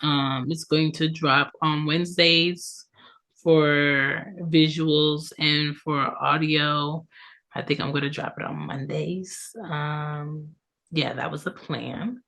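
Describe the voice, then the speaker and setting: A woman's voice: low-pitched, fairly even intonation, slow pace, gravelly, fairly bright tone. A woman in her thirties hosting her own podcast, chatting casually with lots of ums and tag questions, her voice congested from allergies. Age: 30s. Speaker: podcast host. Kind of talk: casual solo podcast talk.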